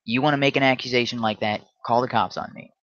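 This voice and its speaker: A man's voice: mid-range voice, steady tone, quick pace, fairly bright tone, no echo, lo-fi sound. Combative man ranting on a livestream. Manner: combative, stammering restarts. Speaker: livestream host. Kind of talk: solo livestream rant.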